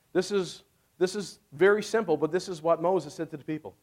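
A man preaching a sermon, retelling the story with lively acted-out voices and frequent laughs. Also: a little high, moderate pace. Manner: animated, acts out voices, laughs often. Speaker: pastor.

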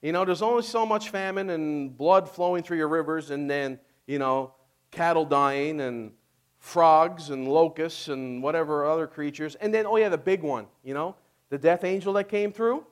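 Brief: high-pitched male pastor, casual and joking, preaching a sermon. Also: moderate pace. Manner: casual, joking storyteller asking "amen?".

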